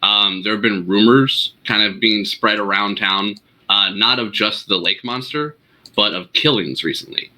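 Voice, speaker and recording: A man running a tabletop game as game master, narrating scenes in a relaxed, unhurried way. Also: lowish voice, rough recording.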